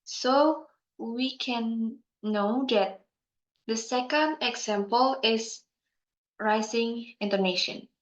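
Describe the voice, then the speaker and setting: A young woman giving a class presentation, speaking slowly and carefully with pauses and fillers. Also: a little high. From Indonesia. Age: young adult. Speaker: student presenter. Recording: muffled sound in an echoey room.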